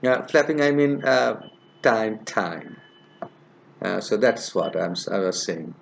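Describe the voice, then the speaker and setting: Give me a male lecturer who talks slowly and repeats each example sound. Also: fairly low pitch, expressive, creaky, slight background noise. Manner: slow and repetitive, repeats example sounds and words many times; hesitant, many "uh" fillers. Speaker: linguistics teacher. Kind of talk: recorded lecture.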